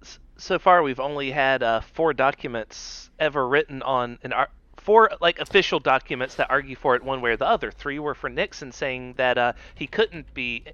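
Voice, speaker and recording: Male podcast co-host, bright and a bit high, wry and talkative, lo-fi dry mic. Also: no room sound. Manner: talkative, quick asides, wry jokes. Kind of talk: casual chat.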